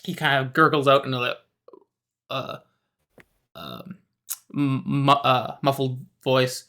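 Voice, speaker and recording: A game master describes the scene of a tabletop game. The narration is relaxed and halting, full of fillers. The voice sits at a middle pitch.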